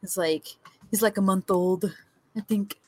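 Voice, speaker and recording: A young woman co-hosting a podcast over a remote call, talking in a rambling, animated way with many fillers. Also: mid-range voice, measured pace, husky. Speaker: podcast co-host. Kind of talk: casual chat. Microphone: remote call mic.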